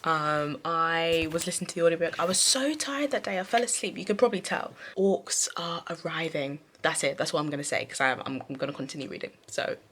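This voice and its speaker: A young woman chatting casually in a reading vlog, rambling with many fillers and quick asides. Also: sits low, lively intonation, a bit bright, a little hiss or hum. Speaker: book vlogger. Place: bedroom at night.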